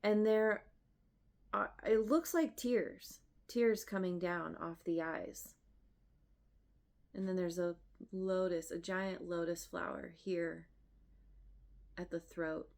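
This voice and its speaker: Slow, emotional woman tarot reader. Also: on the low side, fairly even intonation, vocal fry, a little mellow. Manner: emotional, effusive, halting with restarts and laughs. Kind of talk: tarot reading to camera.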